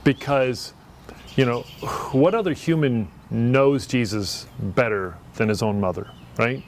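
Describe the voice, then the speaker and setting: A man of middle pitch, a priest, speaks in an easy, conversational way. He is earnest and reflective and loops back to restart his thoughts. A faint hiss of noise sits under the voice. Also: unhurried. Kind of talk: casual conversation.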